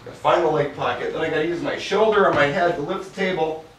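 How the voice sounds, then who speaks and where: A man's voice: fairly high pitch, fast, fairly bright tone. Chatty man in an echoey room. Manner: chatty, self-narrating while working, mild humor. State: slightly out of breath from lifting. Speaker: mobile DJ demonstrating gear. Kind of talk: casual how-to narration. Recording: echoey room, mic far off, faint hiss.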